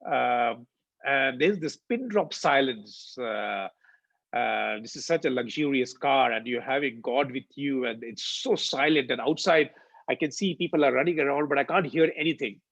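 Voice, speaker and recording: A man's voice: mid-range voice, normal speed, gravelly, no echo. A man, telling a devotional story with lots of uh and um fillers. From India. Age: 40s. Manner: animated retelling, frequent uh and um fillers. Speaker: devotional speaker. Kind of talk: personal storytelling testimony. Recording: dull lo-fi dry recording.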